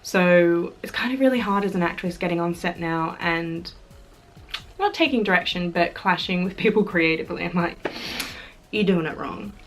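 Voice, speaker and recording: A woman's voice: fairly low pitch, normal speed, faint music behind. A young Australian woman chatting casually to camera in a vlog, bubbly and chatty with fillers and giggles. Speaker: YouTuber.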